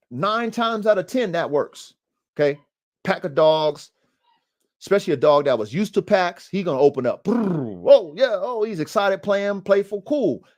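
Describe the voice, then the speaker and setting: A podcast host and dog trainer runs a show about dogs, speaking casually and animatedly in slang and addressing listeners as family and bro. His voice sits high with a darkish tone.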